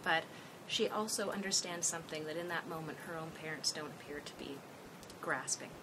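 A woman's voice: low voice, brisk, background noise. A woman trainer giving a thoughtful, explanatory presentation as she recounts an emergency call.

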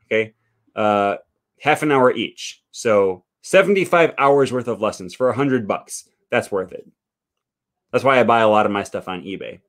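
Casual male language tutor, mid pitch, loose and chatty, peppers his talk with "okay" and "um.". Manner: chatty, frequent "okay" and "um" fillers, thinks aloud. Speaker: language teacher and channel host. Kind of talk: casual livestream talk reading viewer comments.

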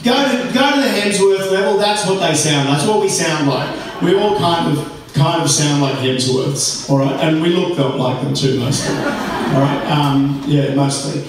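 A man's voice: fairly high pitch, moderate pace, a crowd in the background. A man with an Australian accent doing a stand-up set in a comedy club, wry and rambling with lots of ums and uhs. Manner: rambling, wry, with many fillers. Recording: echoey club room, distant mic. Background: audience ambience.

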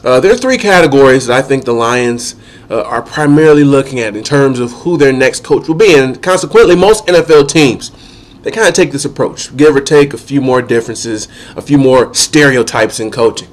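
A man's voice: mid-range voice, animated. A man with a cold and a nasal voice, giving methodical opinion commentary on football as an analyst. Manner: measured, methodical, lists points one by one.

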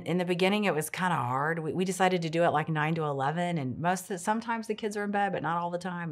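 A middle-aged woman giving an earnest, reflective devotional talk as a ministry speaker. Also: deep voice.

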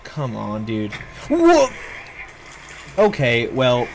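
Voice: mid-range voice, big pitch swings, takes it slowly, slight background noise, low-quality recording. A streamer giving casual let's play commentary on a horror game, panicking and swearing and laughing between scares. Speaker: gameplay streamer.

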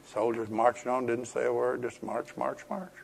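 A man's voice: mid-range voice, little pitch movement, moderate pace, creaky, breathy edge. A man preaching a sermon, retelling scripture in a folksy, storytelling way with emphatic warnings.

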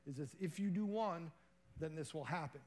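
A man's voice: a little high, moderate pace, a little mellow. A man giving a sermon as a guest preacher in a church, earnest and conversational.

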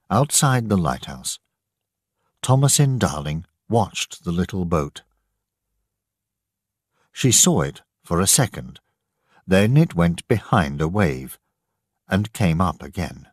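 Deep, slow storybook narrator man. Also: husky, no echo, studio quality. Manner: slow, expressive reading. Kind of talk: scripted storybook narration for learners.

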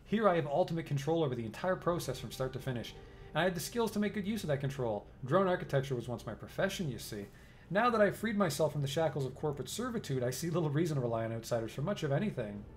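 A man reading game dialogue aloud, voicing a cultured and polite middle-aged male engineer who speaks in a formal, measured way. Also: fairly high pitch, sing-song, faint music behind.

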